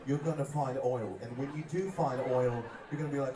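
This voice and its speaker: A man, a comedian-musician performing before an audience, jokes with the crowd in a mock-serious, absurd, playful way. He speaks fairly quickly in a mid-range voice; the echoey venue, distant mic, and loud crowd add background noise.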